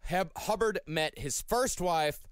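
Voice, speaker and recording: A man hosting a comedic podcast, telling a history story and reading sponsor copy in a relaxed, storytelling way. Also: high voice, slow pace, clear, resonant tone. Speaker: podcast host.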